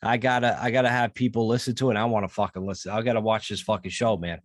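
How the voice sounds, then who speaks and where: A man's voice: lowish voice, steady tone, fast talker, dry recording, clean studio sound. A man co-hosting a podcast, ranting and joking with lots of swearing. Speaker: podcast co-host. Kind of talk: casual chat.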